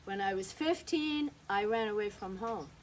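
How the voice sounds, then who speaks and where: A woman's voice: medium pitch, expressive, moderate pace, slight background noise, poor audio. Woman telling a personal story. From northern Germany. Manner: reflective, recounts quoted dialogue.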